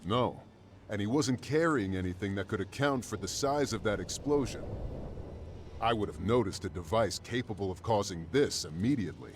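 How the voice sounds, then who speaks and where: A man's voice: on the low side, lively intonation, moderate pace, slight background noise, natural voice. An actor voicing a curt, defensive male guard in a game. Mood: firm. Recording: game audio with music behind. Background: music.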